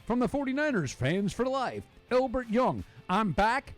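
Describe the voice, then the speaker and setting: A man's voice: high voice, wildly swooping pitch, measured pace, soft background music. A man hosting a live sports talk show, playful and rambling as he jokes and reads out viewer comments.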